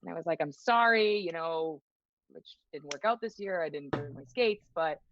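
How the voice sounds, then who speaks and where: A young woman guest telling stories in a casual interview, lively and acting out other people's lines. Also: deep voice, moderate pace, highs cut off, slight background noise. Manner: lively storyteller who acts out quoted voices. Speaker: guest, hockey player. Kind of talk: casual interview chat, storytelling.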